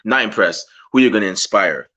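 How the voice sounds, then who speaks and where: A man with a Guyanese accent hosting a casual interview over a video call, talking in an animated way. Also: fairly low pitch, a little fast. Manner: animated, impersonates fans excitedly. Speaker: podcast host.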